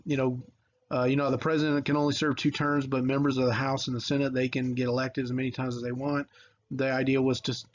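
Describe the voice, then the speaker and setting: A man's voice: mid-range voice, highs cut off, a little hiss or hum. A man teaching a recorded history video lesson in a casual, rambling way with lots of fillers and restarts.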